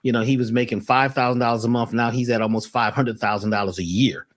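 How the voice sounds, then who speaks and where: A man speaking as a guest in an animated spiritual talk, telling stories and acting out the people he quotes. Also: medium pitch, quick pace.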